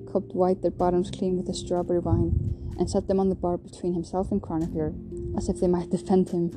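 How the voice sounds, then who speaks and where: A woman reading a novel aloud in steady storytelling narration. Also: lowish voice, a little fast. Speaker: reader. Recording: guitar music playing behind.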